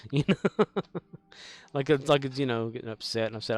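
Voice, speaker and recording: A man rambles through stories while he plays a game on stream, his voice at an ordinary middle pitch. He talks in a loose, folksy way, full of fillers, restarts and the odd mild curse. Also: steady tone, fast talker. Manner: meandering storyteller with frequent fillers and restarts. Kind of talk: casual rambling chat while gaming.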